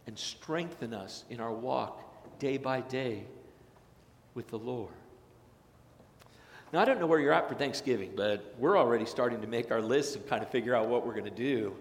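Middle-aged man preaching in echoey church. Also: a little high. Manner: earnest, rising to loud emphatic declarations. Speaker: pastor. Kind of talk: sermon.

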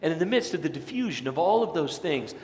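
A man's fairly high voice races through an energetic sermon, animatedly mimicking the people listening to him. The large church sanctuary makes the sound echo with long reverb, and there's a little hiss or hum.

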